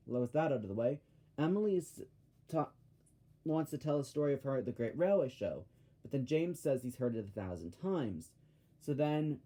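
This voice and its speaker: A man's voice: medium pitch, warm tone. A man giving a casual episode-by-episode review, rambling and ranting, often stopping to correct himself.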